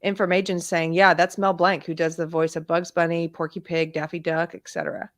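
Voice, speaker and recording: A woman's voice: fairly low pitch, little pitch movement, fairly quick. A woman co-hosting a live stream, chatting casually and reading comments aloud. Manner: reads chat and notes aloud, chatty. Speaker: co-host.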